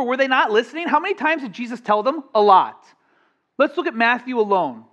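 A man preaching a sermon as pastor, animated and conversational, with asides and acted-out quotes. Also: extremely high pitch, normal speed, lo-fi sound.

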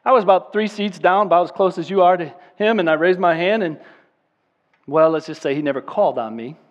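A man with a high voice preaching a sermon as pastor. He is impassioned and emphatic, repeating words to drive points home. He swings from loud, forceful declarations to hushed, earnest appeals. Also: a little fast, muffled recording.

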